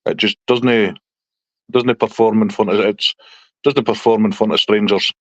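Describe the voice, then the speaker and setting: A man's voice: lowish voice, steady tone, unhurried, no room sound, muffled recording. A man hosting a live stream, telling blunt, sweary stories in casual chat and laughing often.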